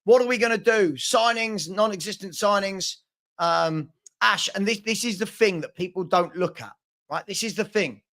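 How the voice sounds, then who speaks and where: A man's voice: sits high, normal speed, fairly bright tone. A man hosting a casual football live stream, talking in exasperated bursts with many stumbles and repeated phrases. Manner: exasperated, repetitive, stumbling restarts. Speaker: football channel host.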